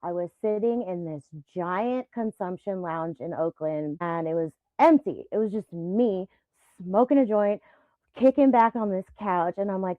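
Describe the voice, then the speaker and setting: Animated woman on a tinny phone line. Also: medium pitch, unhurried, dry recording. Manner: animated storyteller who laughs often. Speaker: guest, event business founder. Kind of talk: casual podcast conversation.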